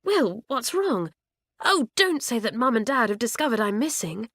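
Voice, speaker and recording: A woman's voice: fairly high pitch, sing-song, normal speed, a bit bright, dry recording, voice pushed up, heavily acted. A woman doing a stubborn, earnest schoolgirl. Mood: worried. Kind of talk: audiobook character reading.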